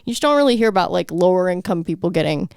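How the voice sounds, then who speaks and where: Rambling sarcastic woman, gravelly edge. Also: on the low side, animated, very fast, darkish tone, no echo, clean studio sound. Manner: rambling, sarcastic, laughs often. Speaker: podcast co-host. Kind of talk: casual comedic chat.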